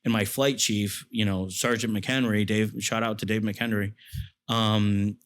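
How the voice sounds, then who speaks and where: A man's voice: fairly low pitch, steady tone, a little slow. A man talking as an interview guest, a military veteran telling stories in a rambling way with many fillers and restarts. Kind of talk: casual storytelling.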